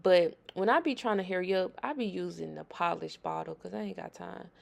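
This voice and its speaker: A woman's voice: fairly low pitch, a little fast, creaky. A woman hosting a nail tutorial, talking viewers through her work in a chatty, emphatic voice-over.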